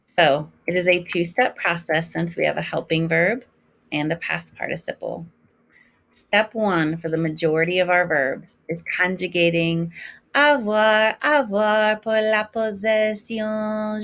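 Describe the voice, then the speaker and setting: A woman teaching a French lesson in English, slowly modeling each French form for her students to repeat. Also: on the low side, fairly bright tone. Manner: slow, clear modeling of French forms for repetition. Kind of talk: recorded classroom lesson.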